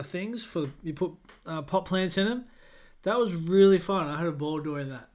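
Upbeat Australian podcast host, fairly high. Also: male voice. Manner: upbeat, rambling, self-correcting. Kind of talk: casual solo podcast chat.

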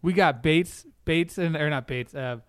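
Slightly high-voiced man, dry sound. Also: unhurried, smooth, dry recording. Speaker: podcast co-host. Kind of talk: casual chat.

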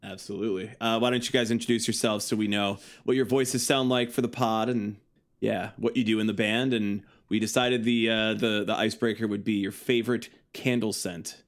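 A man with a lowish voice hosts a podcast in easy, loose chat. He jokes around and fills his sentences with "uh" and restarts. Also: fairly even intonation, brisk. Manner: loose, joking, lots of fillers. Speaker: podcast co-host. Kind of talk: casual chat.

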